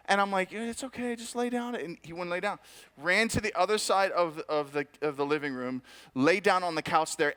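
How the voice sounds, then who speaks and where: Male preacher, conversational and self-mocking, slightly high, bright and clean voice. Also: smooth. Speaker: pastor. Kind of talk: sermon with personal story.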